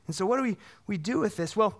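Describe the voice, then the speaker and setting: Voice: mid-range voice, expressive, fast. A pastor preaching a sermon, earnest, often asking the congregation questions and repeating words for emphasis.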